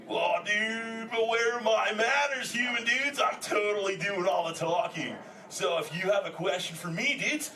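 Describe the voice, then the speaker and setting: A man doing a mellow surfer-dude sea turtle. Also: fairly high pitch, far from the mic, natural voice. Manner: surfer slang, says "dude" constantly. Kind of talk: live interactive theme park show. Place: indoor theater with audience. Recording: echoey theater taped from the audience, crowd noise.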